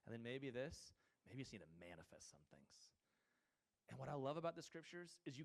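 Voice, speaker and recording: A man's voice: medium pitch, very animated, fairly quick, vocal fry. A man preaching a sermon to his congregation in a church, earnest and building to emphatic declarations. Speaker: pastor. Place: church hall before a congregation.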